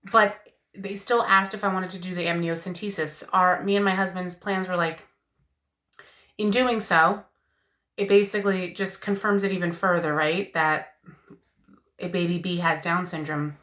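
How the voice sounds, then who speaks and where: A woman in her late thirties talks straight to her viewers in a personal update. Her voice sits a little low but has a bright, forceful edge. She speaks haltingly, with plenty of fillers, and sounds emotional. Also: steady tone, roomy sound. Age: 30s. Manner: candid, halting, many fillers. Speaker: vlogger.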